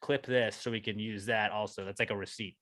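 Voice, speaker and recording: A man co-hosting a podcast in casual chat, playful and swinging from loud outbursts to mumbled asides. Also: fairly low pitch, steady tone, brisk, no echo, clean studio sound. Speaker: podcast co-host. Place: podcast studio.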